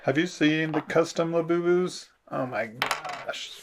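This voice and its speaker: A man co-hosting a toy show in casual chat, teasing his co-host with quick jokey remarks. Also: fairly high pitch, background noise.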